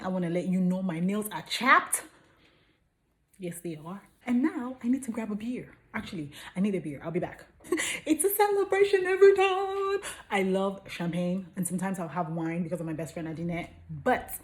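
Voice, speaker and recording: Animated young woman telling a story. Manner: animated and playful, jumps into high silly bursts. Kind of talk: casual storytime chat. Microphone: phone front camera.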